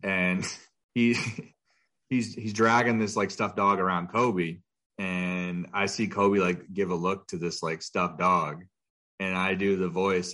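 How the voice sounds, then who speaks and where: Laid-back lower-voiced man co-hosting. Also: level tone, slow pace, bright, forceful tone. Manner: laid-back, laughs easily. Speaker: podcast co-host. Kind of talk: casual podcast chat.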